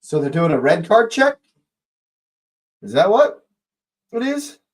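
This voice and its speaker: Excitable fan commentating a live match. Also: male voice, sits high, slow pace. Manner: excitable, shouts at big moments. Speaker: fan watch-along host.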